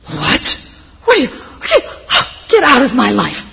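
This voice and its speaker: A woman voicing a calm hermit monk in a spoken parable; he speaks serenely, then shouts in a shrill, angry burst. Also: drawn-out words. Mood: outraged. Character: calm hermit monk who loses his temper. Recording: long reverb, faint background noise.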